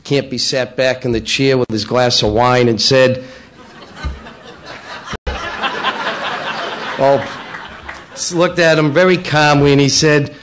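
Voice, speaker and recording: Brief: middle-aged man roasting local officials, playful, jokey, mid-pitched, in a banquet room. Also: fairly even intonation, takes it slowly, pauses often, a bit bright. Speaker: local politician speaking at a breakfast. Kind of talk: roast-style joke telling. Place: banquet room at a public breakfast.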